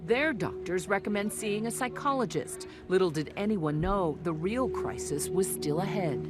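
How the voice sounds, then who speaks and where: A woman narrating a news feature in a measured, serious scripted delivery. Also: medium pitch, expressive. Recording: voice-over with loud music bed.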